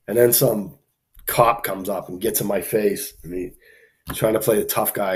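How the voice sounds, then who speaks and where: With a creaky, lowish voice at a normal pace, a man recounts an anecdote on a live stream. He tells it casually and with animation, imitating the people he quotes and leaning heavily on fillers.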